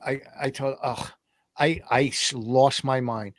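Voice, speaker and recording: Male comic co-host, exasperated ranter, average pitch, dry close-mic sound. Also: fairly even intonation, slow, no echo. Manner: ranting, exasperated storytelling. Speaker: comedian co-host. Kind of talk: casual podcast banter.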